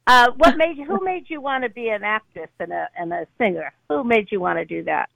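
Gravelly-voiced woman asking eager questions. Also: a little high, expressive, fairly quick, no room sound, phone-quality sound. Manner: curious, effusive questions. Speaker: co-host. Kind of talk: casual interview.

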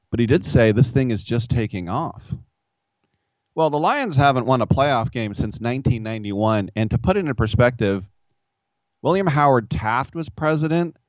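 A man's voice: medium pitch, expressive, unhurried, pauses often, no echo. A man hosting a sports radio show, telling rambling, self-mocking stories. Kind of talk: casual sports talk radio. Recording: dull, dry studio sound.

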